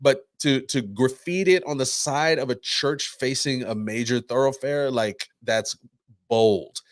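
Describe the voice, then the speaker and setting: A man co-hosting a casual talk show, telling a story in an animated way and acting out the voices of the people in it. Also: mid-range voice, unhurried, dry recording, clean studio sound. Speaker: podcast co-host. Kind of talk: casual chat.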